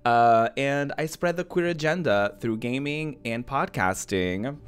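A woman streamer chatting casually over gameplay, giggly and excitable with sudden squeals. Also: rumbling low, unhurried, loud music behind the voice.

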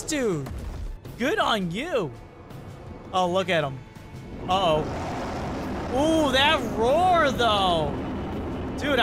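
A reaction video host giving excited play-by-play commentary and talking straight to viewers. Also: medium pitch. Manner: hyped, exclamatory, talks to viewers.

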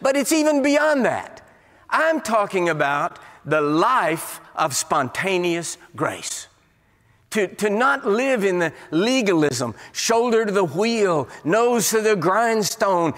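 A man giving a sermon as a guest preacher, an animated storyteller who acts out the voices in his stories. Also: sits high, a little slow. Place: large church sanctuary. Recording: long church hall reverb.

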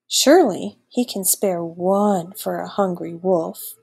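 A woman's voice: lowish voice, takes it slowly, gravelly, darkish tone, breathy edge, voice pushed down, exaggerated voice. A woman voicing a hungry, grumpy old male wolf who growls and grumbles. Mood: hungry eager.

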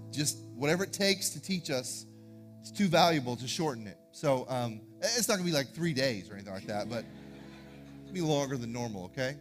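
A man, a pastor giving announcements and introducing a guest speaker in a church sanctuary, talking in an energetic, informal way. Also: mid-range voice.

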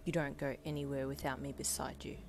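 A woman voicing a possessive young male villain boyfriend in a fan audio story, speaking low, raspy and teasing. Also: little pitch movement, fairly quick, darkish tone, faint music behind.

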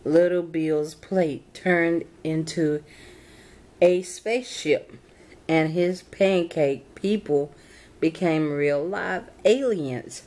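A young woman reading a children's storybook aloud, halting and fixing her slips as she goes. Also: sits low, dark tone. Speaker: channel host reading to reborn dolls.

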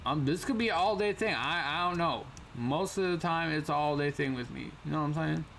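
Young male gamer, casual slangy commentary, slightly high voice, jumpy. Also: fairly quick, creaky, a bit bright, a little hiss or hum. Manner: casual slangy talk, jumpy yelps when startled. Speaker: gaming channel host. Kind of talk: gameplay commentary.

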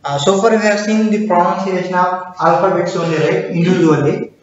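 A man with a fairly high voice teaches a casual beginner's class, explaining slowly and drilling each sound. He is recorded far from the mic in a very echoey room. The sound is dull and muffled. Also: steady tone. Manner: explains slowly with repetition, drills pronunciation aloud.

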